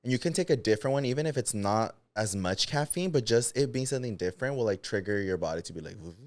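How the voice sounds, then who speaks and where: A man co-hosting a podcast in casual chat, quick and chatty, often reacting with fillers into a close mic. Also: medium pitch, animated, darkish tone, dry recording. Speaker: podcast co-host.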